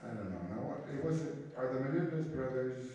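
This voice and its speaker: A man doing live stand-up, teasing an audience member and tossing off quick jokes. His voice rings around a large echoing venue, picked up from a distance. Crowd noise sits clearly underneath. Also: mid-range voice. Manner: joking, quick asides, teasing. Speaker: stand-up comedian. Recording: echoey venue, distant mic.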